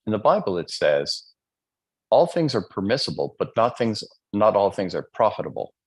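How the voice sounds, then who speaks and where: A man with a low, husky voice preaches gratitude in a live motivational speech. His pitch leaps and falls with great animation as he throws questions to the crowd and acts out quotes. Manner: fervent, often asks the audience questions. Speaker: motivational speaker.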